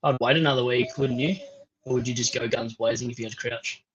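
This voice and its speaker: An Australian man co-hosting a live stream, easygoing and quick with banter. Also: medium pitch, steady tone, muffled recording, slight background noise. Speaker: co-host. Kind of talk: casual live stream chat.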